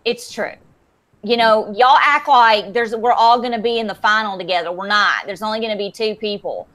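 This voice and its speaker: A woman's voice: medium pitch, fairly quick. A woman hosting a casual group chat, ranting bluntly and swearing freely. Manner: blunt, profane, animated ranting. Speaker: show host.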